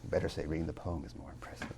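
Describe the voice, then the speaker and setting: A deep-voiced man lecturing on poetry, with a gravelly, fry-laden edge. He swings from loud emphasis to hushed near-whispers, lingering on words he loves. He drops playful asides to his students. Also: level tone, a little hiss or hum. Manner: dramatic swings in loudness, drops to near whispers when savoring lines; slow, deliberate emphasis on key words. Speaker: college tutor giving a lecture.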